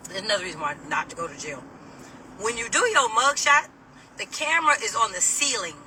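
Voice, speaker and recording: A woman vents in an animated, indignant monologue, swearing freely as she drives. Her voice is piercing and forceful. She sits a little back from the phone, with a faint hum of the road underneath. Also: on the high side, a little fast. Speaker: vlogger. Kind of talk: casual venting monologue. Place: in a moving car. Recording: distant mic, faint road noise.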